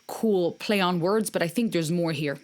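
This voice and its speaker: A woman's voice: on the low side, normal speed, a little mellow. A woman hosting a music reaction video, talking casually and earnestly, with encouraging, faith-based remarks to her viewers.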